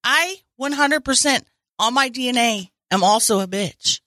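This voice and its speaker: A woman's voice: fairly high pitch, moderate pace, sharp tone, no room sound, clean studio sound. A woman co-hosting a casual podcast who jokes goofily, asks silly questions and breaks into song. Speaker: podcast co-host. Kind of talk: casual crude podcast banter.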